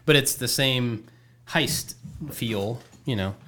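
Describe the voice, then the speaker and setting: A man's voice: medium pitch, extremely slow, fairly bright tone, slight background noise. A man co-hosting a casual podcast chat, laughing easily. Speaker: podcast co-host.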